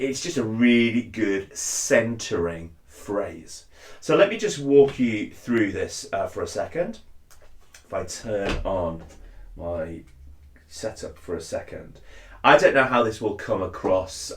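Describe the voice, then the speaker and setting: A man chats his way through a casual tutorial on a cosplay voice technique, demonstrating as he goes and slipping into deep impressions of certain lines. He's a cosplayer, and the room he's recording in is echoey.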